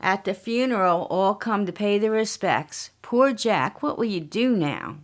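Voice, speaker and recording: A woman reading her own mystery story aloud as author and podcast narrator, unhurried and plain. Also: mid-range voice, animated.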